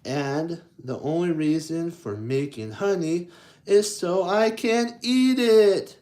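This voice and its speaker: A man voicing a cheerful, chubby, honey-loving male bear in a storybook read-aloud, using a high, sing-song, childlike voice. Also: slow, dark tone. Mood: eager.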